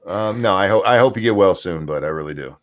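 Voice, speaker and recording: Low-voiced man thanking chat. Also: expressive, fast. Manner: reads out and thanks chat donations. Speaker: co-host. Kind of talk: casual livestream chat.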